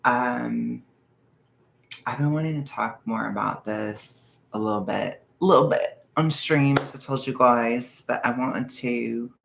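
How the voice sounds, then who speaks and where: A nervous young man vlogging casually from his bedroom, rambling and self-conscious, sometimes dropping into hushed asides. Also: mid-range voice, normal speed, creaky, few pauses, slight background noise. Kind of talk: casual confessional chat. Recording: echoey room.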